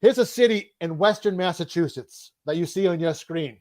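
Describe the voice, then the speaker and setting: Man, Boston accent, high voice, upbeat host, repeats words, video call. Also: moderate pace, darkish tone. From Boston, USA. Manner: upbeat, repeats key words, quizzes his guest. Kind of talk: live online interview.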